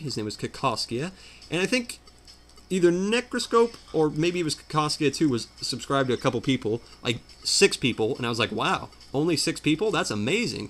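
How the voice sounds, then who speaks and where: This let's play commentator speaks at a medium pitch with a fairly bright tone, and a little hiss or hum sits under the audio. He's at home during a game playthrough, rambling in casual chat, self-deprecating and full of fillers.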